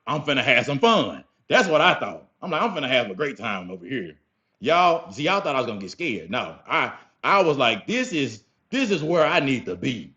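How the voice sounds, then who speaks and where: A young man telling a story casually to his viewers, animated and profane, often calling them y'all. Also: mid-range voice, moderate pace. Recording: slightly dull lo-fi sound with faint music.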